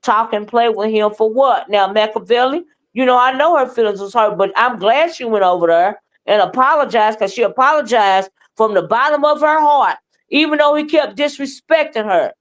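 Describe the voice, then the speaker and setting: A woman's voice: on the high side, moderate pace. A woman hosting a live stream, giving heated, profane commentary in a blunt, scolding manner.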